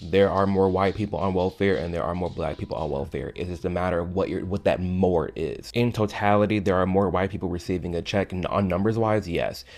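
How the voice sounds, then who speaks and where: Low-voiced man in measured commentary. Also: a little mellow. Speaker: online video commentator. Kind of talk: commentary, reading posts aloud.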